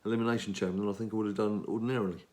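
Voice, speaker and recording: Playing a mobile game, this middle-aged Englishman chats and rambles, often talking to himself for his gaming channel. His voice is fairly low and darkish, with a steady tone and a rapid-fire delivery.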